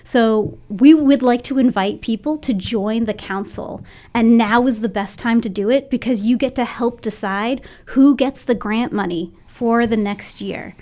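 A woman's voice: on the high side, unhurried, hardly any pauses, warm tone. A woman on a local radio talk show, a cultural council member explaining figures step by step and laughing easily.

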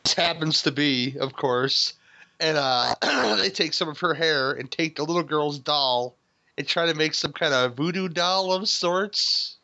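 A man's voice: fairly high pitch, unhurried, sharp tone. A man hosting a casual movie review podcast, laughing and swearing often as he rambles with restarts. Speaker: podcast host. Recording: dull lo-fi sound.

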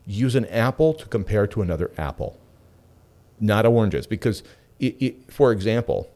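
This middle-aged radio host has a lowish voice and a moderate pace. His casual monologue is animated and chatty, with stories broken up by frequent asides.

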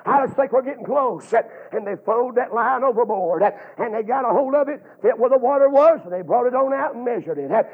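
A man preaching a fervent sermon, chanting his phrases with drawn-out "uh"s and building to shouts. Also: very high-pitched, lively intonation, slightly rough. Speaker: Baptist preacher. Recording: tinny, phone-like lo-fi sound.

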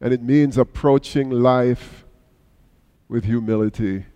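A middle-aged male pastor preaching a sermon, telling a story with sudden swings between hushed and raised passages. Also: medium pitch, slow, smooth. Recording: long hall reverb.

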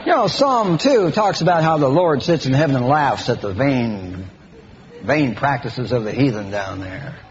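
A man preaching a sermon in an animated way, breaking into mocking high-pitched impressions. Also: moderate pace. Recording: slightly dull lo-fi recording with faint hiss.

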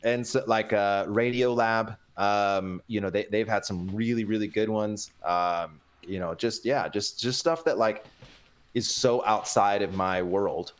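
Animated man chatting as a podcast guest. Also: fairly low pitch, a little slow. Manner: animated, inflected delivery with many fillers. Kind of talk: casual podcast chat.

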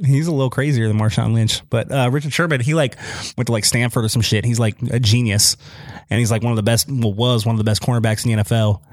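A man's voice: medium pitch, fast talker, dry recording. Young male co-host, loose and profane, dry close mic. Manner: relaxed, swears, laughs often. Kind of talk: casual chat.

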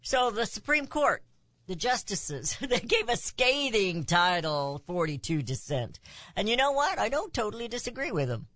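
A woman's voice: very animated, normal speed, a bit bright, dry recording. A woman hosting a political talk radio show, delivering an emphatic monologue whose voice climbs on the points she stresses. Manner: emphatic, rising pitch on key points, with asides.

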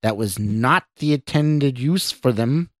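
A man's voice: medium pitch, animated, takes it slowly, no echo, clean studio sound, pitched above the performer's own voice. A man voicing a nervous young male scientist who stammers and pleads defensively, in a story reading. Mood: explaining. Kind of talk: audio drama reading.

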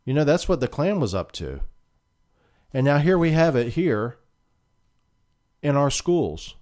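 A man's voice: a little high, very animated, measured pace, a little mellow. A man hosting a political talk show, delivering emphatic, indignant commentary and often repeating himself.

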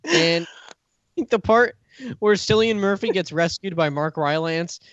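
Joking, sarcastic man, slightly high voice. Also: unhurried, fairly bright tone, dry recording, lo-fi sound. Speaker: podcast co-host. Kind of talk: casual chat.

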